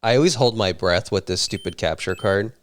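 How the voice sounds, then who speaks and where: A man's voice: fairly low pitch, brisk, slight background noise. A man co-hosting a casual gaming livestream, teasing and laid-back. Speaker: livestream co-host. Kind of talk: casual gaming stream chat.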